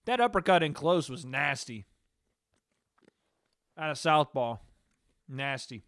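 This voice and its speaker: A man hosting a live stream, giving relaxed, rambling reaction commentary and talking to his chat. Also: a little high, slow pace, no room sound, clean studio sound.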